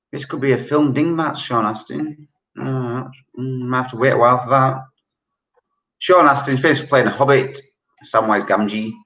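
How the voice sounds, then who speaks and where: Slow, chatty quizmaster. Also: male voice, medium pitch, a bit bright. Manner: chatty, joking, reads questions slowly and repeats them. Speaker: quiz host. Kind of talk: online pub quiz hosting. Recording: echoey room.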